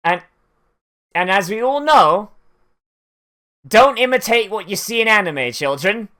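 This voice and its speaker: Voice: medium pitch, animated, a little slow, bright, forceful tone. An anime reaction host giving casual watch-along commentary, rambling with lots of "like" fillers. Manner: rambling, filler-heavy "like" talk with laughs.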